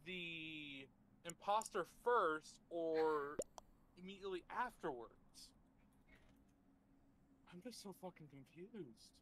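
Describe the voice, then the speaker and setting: Woman streamer, excitable and sweary, slow talk, bouncy pitch, game music under her. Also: a little hiss or hum, low-quality recording. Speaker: streamer playing a party game. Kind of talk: casual voice chat.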